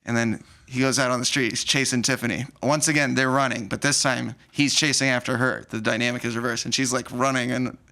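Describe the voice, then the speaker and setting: A man hosting a podcast, retelling a romance film in an animated, openly sentimental way. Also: medium pitch, fairly quick, few pauses. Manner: animated storyteller, acts out movie lines. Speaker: podcast host. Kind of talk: casual movie recap chat.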